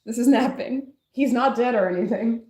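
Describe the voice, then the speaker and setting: A woman's voice: fairly high pitch, moderate pace, darkish tone, slightly rough. A young woman streaming while she crafts, rambling and joking with her chat and laughing often, at home. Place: at home, moving furniture.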